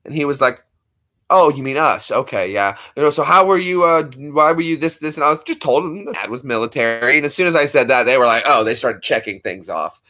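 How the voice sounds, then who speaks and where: A man's voice: medium pitch, expressive, a little fast, bright, forceful tone. A man in his thirties, co-hosting a casual stream and telling stories in a joking way, laughing often. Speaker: livestream co-host. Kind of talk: casual storytelling chat.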